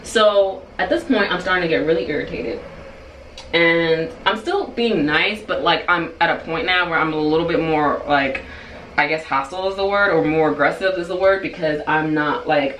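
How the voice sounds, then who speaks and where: A woman's voice: low voice, moderate pace, a little hiss or hum. Chatty young woman in an echoey room. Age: 20s. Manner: animated, chatty, heavy use of "like". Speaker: hairstylist and vlogger. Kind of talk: storytime vlog. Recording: echoey room, far from mic.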